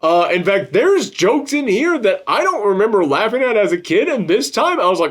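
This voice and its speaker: A man's voice: high-pitched, very animated, moderate pace, hardly any pauses, a bit bright. A man hosting a casual film-review chat, rambling and swearing freely. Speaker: podcast host reviewing a film.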